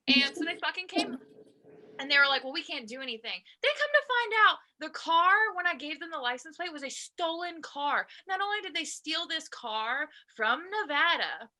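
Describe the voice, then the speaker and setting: A young woman from Virginia telling a story in a profane, animated rant on a podcast. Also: high-pitched. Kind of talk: ranting storytelling.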